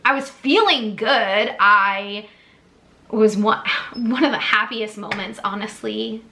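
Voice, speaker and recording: A young adult woman vlogger, sitting on a squeaky chair, tells an emotional personal story in a gushing way with lots of fillers. Her mid-range voice is slow and sharp-toned, with a little hiss or hum in the audio.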